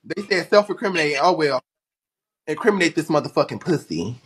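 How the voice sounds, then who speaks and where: A breathless man livestreaming, loudly acting out a fight story with profanity and sound effects. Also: on the high side, expressive, a little fast, recorded from a distance. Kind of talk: animated storytelling. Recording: roomy echo, faint noise.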